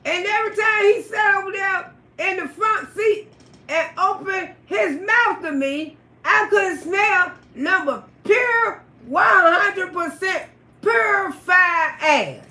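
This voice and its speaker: A woman casually telling a story on a livestream, cursing freely, laughing often and bursting out loudly. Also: very high-pitched, lively intonation, takes it slowly. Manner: profane, laughs often, loud outbursts. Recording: roomy echo.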